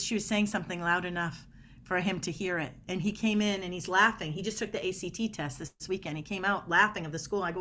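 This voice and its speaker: A woman's voice: lowish voice, a bit bright, a little hiss or hum. A middle-aged woman guest on a podcast interview, explaining body language in an emphatic way and acting out quoted dialogue.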